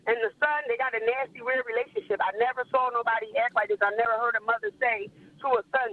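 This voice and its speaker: Blunt philly woman calling in, talks quick, tinny phone sound. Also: a little high, fairly even intonation. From Philadelphia area. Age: 30s. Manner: blunt, emphatic, repeats herself. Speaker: caller. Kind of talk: casual phone-in chat.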